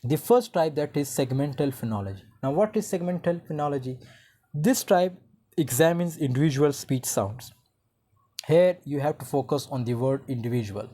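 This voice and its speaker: Mellow-voiced linguistics teacher. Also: mid-range voice, animated, moderate pace. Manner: explains step by step, often restarting with "uh, like". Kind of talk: explanatory online lecture.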